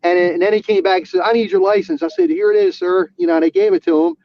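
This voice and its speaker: A man, an auxiliary police officer, telling a personal story in casual talk, halting with restarts and fillers. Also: high-pitched, big pitch swings, creaky, no room sound. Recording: dull lo-fi sound.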